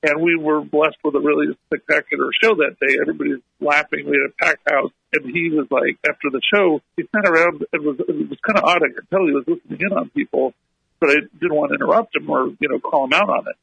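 A man's voice: a little high, fast talker, creaky, breathy edge, dry recording, dull audio. A man guest on a radio interview, telling a long story with energy and acting out the people he quotes. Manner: animated, acts out the people he quotes.

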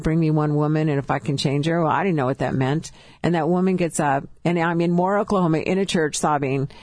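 A woman from California telling her personal testimony as a guest, halting and emotional, with restarts. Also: low-pitched, darkish tone, no echo, clean studio sound.

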